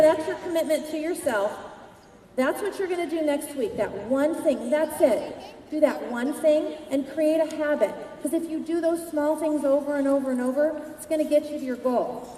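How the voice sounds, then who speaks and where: Energetic woman speaking in a big hall. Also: sits high, moderate pace, a little hiss or hum. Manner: energetic, addresses the crowd directly with questions. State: losing her voice. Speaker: sales conference speaker. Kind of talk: motivational keynote speech. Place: large convention hall. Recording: echoey hall, voice from far off.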